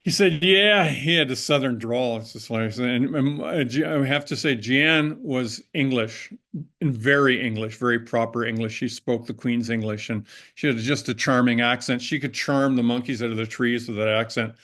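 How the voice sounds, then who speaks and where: An older man recounts stories from his working life in a relaxed, conversational way. He wanders through his sentences, often restarting and correcting himself mid-thought. His voice sits at an ordinary middle pitch for a man. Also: moderate pace. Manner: rambling, with frequent restarts and self-corrections. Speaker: interview guest, former prop master. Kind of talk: casual anecdotal storytelling.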